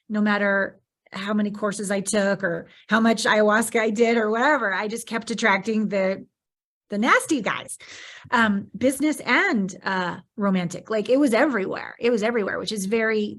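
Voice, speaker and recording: A woman hosting a podcast in candid conversation, expressive and acting out her own reactions in animated bursts. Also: medium pitch. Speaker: podcast host.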